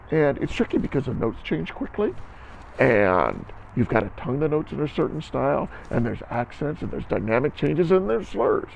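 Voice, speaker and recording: A man's voice: fairly high pitch, gravelly, a little mellow, highs cut off, slight background noise. A man teaching a recorded band lesson to students, encouraging them and counting beats aloud.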